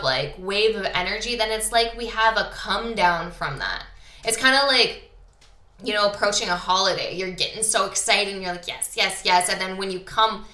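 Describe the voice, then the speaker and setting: A woman's voice: mid-range voice, bright, forceful tone, roomy sound. A woman from Canada hosting a podcast, talking casually and enthusiastically about spiritual topics with lots of fillers. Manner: enthusiastic, chatty, uses many fillers. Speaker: podcast host.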